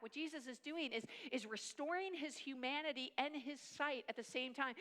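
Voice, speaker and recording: A middle-aged woman preaching a sermon at a family camp in an animated, conversational way, acting out quotes and dropping into hushed asides. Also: high-pitched, long reverb tail.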